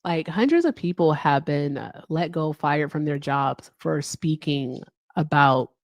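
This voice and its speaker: A woman's voice: low-pitched, a little slow, dry recording. A woman hosting a casual livestream, chatty and laughing often as she talks straight to her viewers. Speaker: livestream host.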